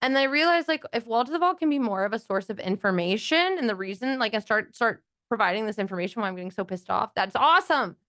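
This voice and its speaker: A young adult woman, a guest in a casual interview, talking quickly and animatedly with many fillers and playful acted-out quotes. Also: a little high, expressive, a bit bright, dry recording, clean studio sound. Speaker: guest, financial literacy educator.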